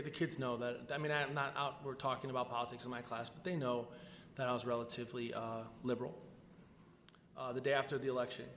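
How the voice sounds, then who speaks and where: A man's voice: medium pitch, a bit bright, a little hiss or hum. A man who teaches, speaking on a convention panel, telling a story with many restarts. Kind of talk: panel discussion. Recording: echoey convention hall.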